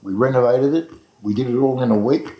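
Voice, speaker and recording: A man's voice: medium pitch, brisk, dull audio. An Australian man telling long anecdotes about running his restaurant, rambling with frequent restarts and fillers in a casual interview. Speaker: restaurant owner recalling his past. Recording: echoey room.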